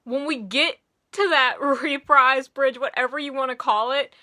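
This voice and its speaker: A young woman rambling excitedly through a casual music review, gushing and sometimes singing along. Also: high-pitched, unhurried.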